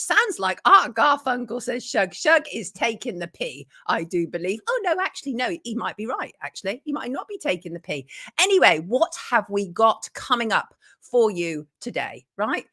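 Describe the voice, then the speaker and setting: A woman's voice: on the high side, fairly bright tone. A woman hosting a live morning show, chatting and greeting viewers by name. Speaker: host.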